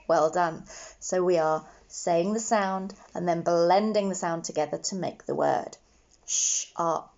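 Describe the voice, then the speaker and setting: Patient woman teaching phonics, slowly. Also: fairly low pitch, vocal fry, a little mellow, dull audio. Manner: slow, patient, encouraging, sounding out letters. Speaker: primary school teacher. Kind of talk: phonics lesson for young children.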